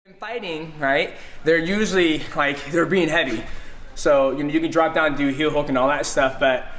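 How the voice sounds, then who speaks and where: A man's voice: fairly high pitch, moderate pace, a bit bright. A man animatedly explaining grappling technique, acting out moves with grunts. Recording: echoey room with crowd.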